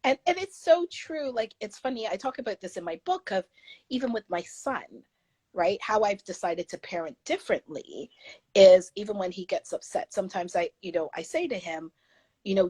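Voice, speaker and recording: A woman's voice: mid-range voice, moderate pace, a little mellow, husky, no room sound. A woman guest author talking in an interview, earnest and emphatic, sometimes taking on the voices of people she quotes. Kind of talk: candid interview conversation.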